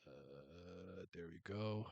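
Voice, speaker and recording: A man's voice: low-pitched, very slow, creaky, a little mellow, husky, no room sound, muffled recording. A man hosting a casual livestream chat, rambling with lots of restarts and laughter. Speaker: livestream host.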